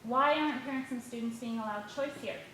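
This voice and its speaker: A woman speaking as a parent during public comment at a school board meeting, reading quickly and pointedly from her notes. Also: on the high side, fairly bright tone. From United States. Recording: echoey hall with faint noise.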